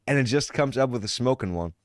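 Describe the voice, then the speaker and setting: Lively, profane male streamer. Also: medium pitch, normal speed, dry recording, clean studio sound. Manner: animated, profane, joking. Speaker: livestreamer. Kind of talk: live commentary reacting to videos.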